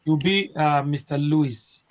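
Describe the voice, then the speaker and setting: A man helps run a live call-in, pausing and hesitating as he works out the order of callers. His voice sits a little above average in pitch. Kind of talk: moderating a call-in.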